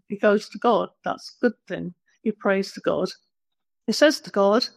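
A woman's voice: medium pitch, unhurried, no room sound. A woman preaching a conversational sermon, plain-spoken and self-deprecating.

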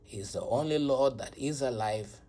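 A man's voice: mid-range voice, moderate pace, mellow, soft background music. A man giving an earnest devotional reflection and then leading a repetitive prayer, sometimes dropping to a whisper. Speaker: prayer leader.

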